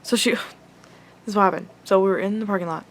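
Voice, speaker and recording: A young woman tells an upsetting story straight to her vlog audience. She talks in a loose, rambling way, leaning on "like" and swearing freely. Her voice sits in a middle pitch. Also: fairly even intonation, fast talker. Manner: rambling, heavy use of "like" and swearing; emotional, upset retelling. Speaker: vlogger. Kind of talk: casual storytelling.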